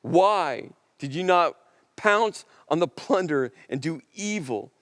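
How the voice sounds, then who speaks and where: A man's voice: on the high side, animated, slow pace, no room sound, clean studio sound, long reverb tail. A man preaching, voicing a stern old prophet who indignantly rebukes a king. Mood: rebuking. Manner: indignant, forceful.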